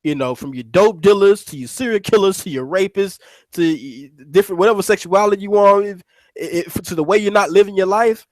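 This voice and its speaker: A man's voice: sits high, brisk, no echo. Rambling profane man with a dry sound. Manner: rambling, profane, many restarts. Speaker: radio show host. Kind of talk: casual storytelling chat.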